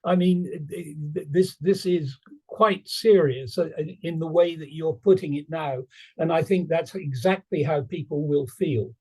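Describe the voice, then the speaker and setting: A man's voice: fairly high pitch, measured pace, husky, rough recording. A man speaking up bluntly and indignantly in a meeting. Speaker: campaign group member.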